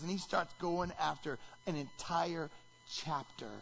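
Male pastor, high lively voice, preaching with bursts of shouting; dull lo-fi sound. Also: unhurried, gravelly. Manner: animated, shouts when acting out quotes. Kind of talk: sermon.

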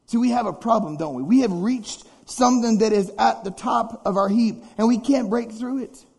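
A man's voice: high-pitched, normal speed, gravelly, few pauses, darkish tone, slightly rough. A man preaching a sermon in a conversational, dramatic way, full of rhetorical questions. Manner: dramatic, acts out congregants' complaints. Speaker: pastor.

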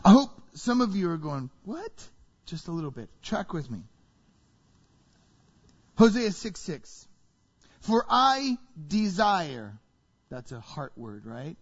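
Man, pastor, high voice, long hall reverb, sermon, animated, asks the room questions. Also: unhurried, pauses often, husky. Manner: animated, rhetorical questions to the congregation. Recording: reverberant hall, dull sound.

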